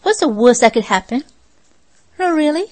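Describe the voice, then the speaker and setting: A woman delivers a sermon in an earnest, exhorting manner, her voice sitting a little high. She presses her listeners with rhetorical questions as she preaches. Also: expressive, moderate pace, darkish tone, low-quality recording.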